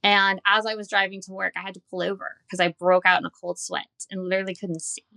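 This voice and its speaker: A woman's voice: mid-range voice, little pitch movement, fast, vocal fry, pushed and bright. A woman in her forties, a dietitian, telling her personal story candidly and earnestly in an interview. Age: 40s. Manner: candid and earnest, recounting with quoted dialogue. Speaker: dietitian and guest.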